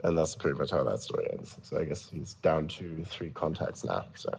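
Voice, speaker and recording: A man's voice: rumbling low, animated, normal speed, vocal fry, darkish tone, husky. A man casually telling prank-call stories in a rambling, stammering way. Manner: rambling, stammering restarts, chuckling. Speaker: storyteller in a voice chat. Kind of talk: casual storytelling.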